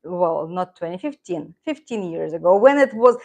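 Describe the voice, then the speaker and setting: Her fairly low voice is expressive and a little mellow, moving at a moderate pace. The middle-aged Russian-accented channel host, a native speaker who teaches Russian, rambles casually on her live stream, reading viewer comments and frequently laughing.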